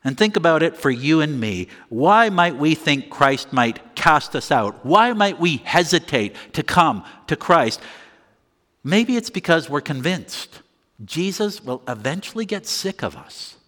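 A man delivers a sermon in slow, deliberate phrases with emphatic pauses. His bright voice swings widely in pitch. A long hall reverb trails his words. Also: big pitch swings. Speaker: pastor.

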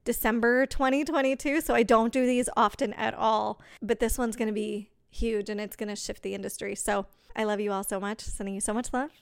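A woman's voice: fairly high pitch, steady tone, fairly quick, vocal fry, hardly any pauses, clean tone, dry recording, studio quality. A woman hosting a business-coaching podcast, talking energetically and stacking rhetorical questions. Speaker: podcast host and business mentor. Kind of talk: motivational coaching talk.

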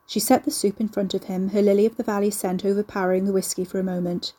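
Mellow, husky woman narrator. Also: medium pitch, level tone, quick pace, hardly any pauses. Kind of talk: audiobook narration.

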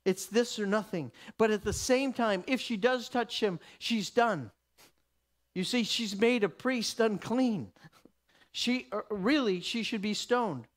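A man's voice: sits high, slow pace. Brief: male Bible teacher, emphatic sermon delivery, frequent restarts.

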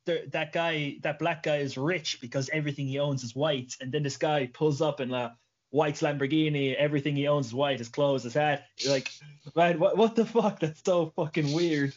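A man's voice: a little high, steady tone, brisk, lo-fi sound. A man hosting a podcast, chatting casually, joking and swearing as he rambles. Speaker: podcast host. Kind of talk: casual chat.

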